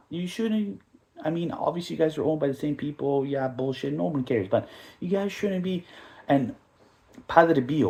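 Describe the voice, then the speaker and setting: Canadian man, podcast host, fast rambling football rants, profane and jokey. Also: mid-range voice. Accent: Canadian English. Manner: animated, joking, profane, rambling ranting. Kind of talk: casual football podcast rant.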